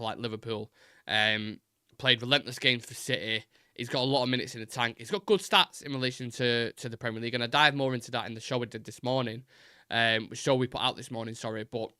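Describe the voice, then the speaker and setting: A man's voice: mid-range voice, bright, forceful tone, smooth, dry recording, studio quality. A young man hosting a live fan show, chatting loosely with fillers and restarts, his voice fraying a little. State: voice keeps going. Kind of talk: casual live-stream chat.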